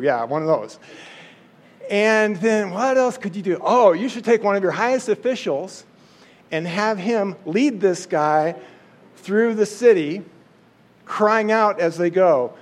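Man, high voice, playful, chatty Bible storytelling. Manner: playful, chatty, acts out quotes. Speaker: teacher retelling a Bible story. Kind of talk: casual Bible story retelling.

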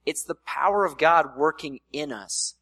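A man's voice: a little high, measured pace, sharp tone, slightly rough, dry recording. A man preaching a sermon in a casual, conversational way, slipping in playful voiced asides. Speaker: pastor.

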